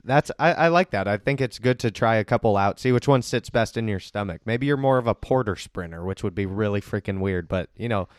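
A man's voice: lowish voice, brisk, few pauses, dry recording, studio quality. A man hosting a casual podcast, joking and teasing his guests and laughing often. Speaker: podcast host and league commissioner.

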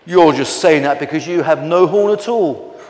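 A man's voice: high-pitched, expressive, moderate pace, reverberant, long reverb tail, voice pushed up. A man voicing a proud, boastful female triceratops in a children's story. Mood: sneering.

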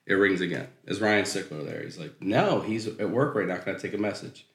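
Male comic storyteller, low register, animated and profane, roomy echo. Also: brisk, creaky. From Maryland. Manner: animated, profane, laughs through punchlines. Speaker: comedian storyteller, guest. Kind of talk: comedic storytelling.

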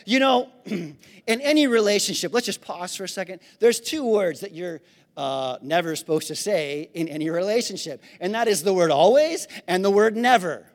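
A male pastor preaching a sermon to his congregation, swinging between shouted praise and easy conversational asides. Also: high-pitched, animated, moderate pace. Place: church sanctuary. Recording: long hall reverb.

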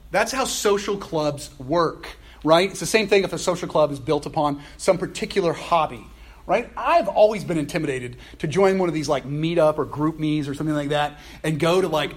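A pastor delivers a sermon in a conversational, animated way. His voice sits a bit high with a slightly husky edge, and his pitch swings widely as he exclaims and laughs between points.

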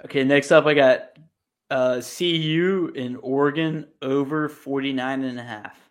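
A man hosting a casual sports betting chat, reading out picks in a brisk, matter-of-fact way and swearing now and then. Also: mid-range voice, steady tone.

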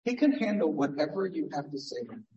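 A man's voice: fairly high pitch, very animated, fast, warm tone, lo-fi sound. A man, a pastor, preaching an earnest, conversational sermon full of rhetorical questions in a church sanctuary. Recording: echoey church hall from far off.

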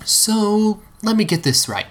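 A man reading aloud and voicing a dry, sharp-tongued teenage witch girl. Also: high-pitched, big pitch swings, slow pace, pitched above the performer's own voice, full character voice. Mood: teasing. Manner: teasing, dry and sarcastic.

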